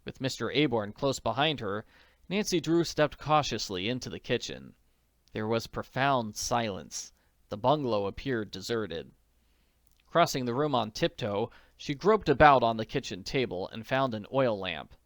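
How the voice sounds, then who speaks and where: A man narrating an audiobook in a measured, steady reading voice. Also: mid-range voice, no room sound, studio quality.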